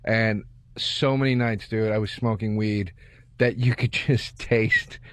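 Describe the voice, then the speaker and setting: A man's voice: on the low side, fairly even intonation, measured pace, fairly bright tone, no room sound. Laid-back male comedian, dry studio mic. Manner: loose, laughing anecdote-telling. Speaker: comedian podcast co-host. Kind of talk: casual chat.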